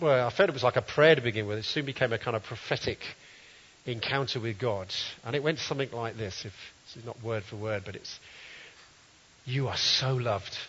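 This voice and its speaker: Bright-voiced male preacher in a hall. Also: mid-range voice. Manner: earnest, reads scripture aloud and comments. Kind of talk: sermon. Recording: dull, roomy hall sound.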